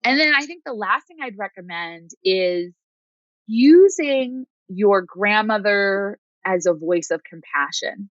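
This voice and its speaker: A woman hosting a podcast coaching session, speaking calmly and reflectively and often checking in with "right?". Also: medium pitch, slow pace, no room sound, muffled recording. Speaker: host and coach.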